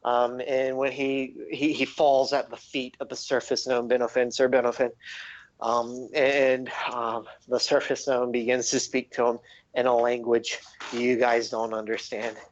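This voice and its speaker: A young man narrating a tabletop game as game master, halting with many fillers. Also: mid-range voice, level tone. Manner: halting, many ums and likes. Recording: dull lo-fi audio.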